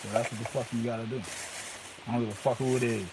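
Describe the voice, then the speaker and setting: A man's voice: medium pitch, flat delivery, quick pace, noisy background. A man rambling grandly and profanely into a handheld phone outdoors, peppering his talk with "you know what I mean". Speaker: vlogger.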